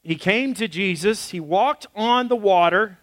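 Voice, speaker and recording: A man preaching a sermon as pastor in a casual, animated way, acting out quotes as he goes. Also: high-pitched, a little slow, no echo.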